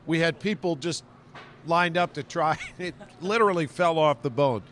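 A man's voice: on the high side, normal speed, a bit bright, a little hiss or hum. A man hosting a casual podcast in a grocery store, upbeat, thanking guests and reading promos. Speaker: podcast host.

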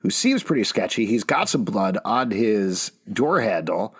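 A man's voice: lowish voice, sing-song, a little slow, husky. A man hosting a casual TV recap podcast, walking through the episode with dry jokes. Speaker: podcast host.

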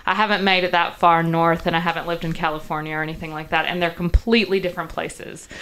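A woman's voice: fairly low pitch, flat delivery, fast, fairly bright tone. A woman in her thirties from the Southern United States, with a faint Southern accent, chatting as a guest in an interview, with many fillers and restarts. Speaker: guest journalist. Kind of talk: casual interview chat.

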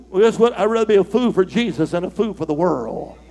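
A middle-aged male preacher telling a story in a fiery sermon, calling for shouts and whooping. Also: high-pitched, expressive, fairly quick, creaky. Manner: call-and-response, shouting, whooping.

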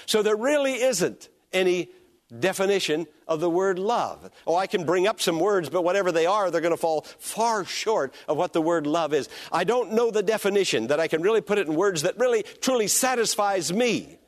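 A man's voice: sits high, animated, moderate pace. A man preaching a sermon as pastor, emphatic and repetitive, drawing out key phrases and calling on listeners to repeat them.

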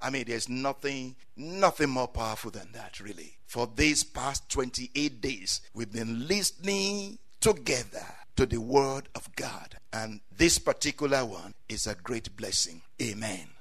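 A man preaching a sermon, swinging from quiet asides to loud cries and saying amen often. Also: medium pitch, animated, unhurried, few pauses.

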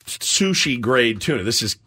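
A man co-hosting a morning sports radio show, telling a self-mocking story in an animated way and acting out the scenes. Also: mid-range voice, a little slow, breathy edge.

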